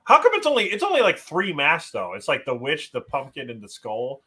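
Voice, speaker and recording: A man's voice: on the high side, wildly swooping pitch, fairly quick, pushed and bright, husky. A man co-hosting a casual movie podcast, rambling and repeating himself with lots of "like". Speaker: podcast co-host.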